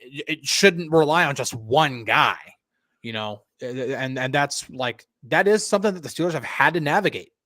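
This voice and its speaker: A man's voice: mid-range voice, animated, normal speed, pushed and bright, no echo, clean studio sound. A man co-hosting a sports podcast, talking analytically and casually, with frequent restarts. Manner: conversational, analytical, many restarts. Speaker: podcast co-host.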